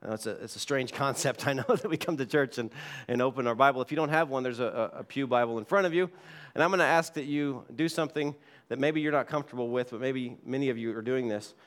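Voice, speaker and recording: A man's voice: medium pitch, fast. A man pastor preaching a sermon in a church, reading scripture aloud and repeating key words for emphasis. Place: church sanctuary.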